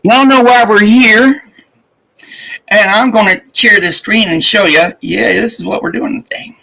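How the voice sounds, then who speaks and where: A man's voice: high voice, steady tone, measured pace, creaky, bright, forceful tone, slightly rough, poor audio. A man hosting a morning live stream, rambling and laughing as he greets his chat. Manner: rambling, laughing, swearing, chatty. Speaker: livestream host.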